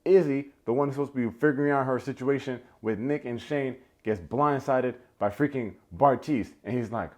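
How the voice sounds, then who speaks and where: A man's voice: mid-range voice, moderate pace, hardly any pauses, a little mellow. A man, recapping a dating show with sarcastic, playful commentary and mock impressions. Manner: sarcastic, playful, mimics people he quotes. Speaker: recap video host. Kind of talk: comedic reality show recap.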